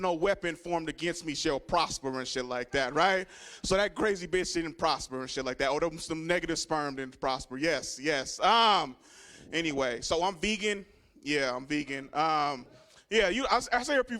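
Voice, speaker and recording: A man's voice: high-pitched, sharp tone. A young man from Richmond, doing a crude, swaggering stand-up set and talking straight to the crowd. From Richmond, California. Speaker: stand-up comedian. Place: comedy club stage.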